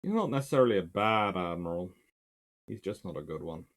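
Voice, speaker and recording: A man's voice: sits low, animated, fairly quick. A man giving a casual, emphatic spoken history lecture in a conversational way.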